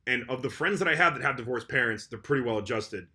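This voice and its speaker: A man's voice: mid-range voice, animated, quick pace, sharp tone. A young man co-hosting a casual podcast chat, swearing freely and breaking into mocking impressions. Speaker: podcast co-host.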